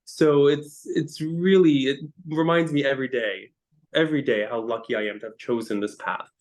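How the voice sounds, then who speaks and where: Guesting on a podcast interview, a harp teacher and musician shares stories in a medium-pitched voice. He is choked up, and his speech comes out emotional and halting with many restarts.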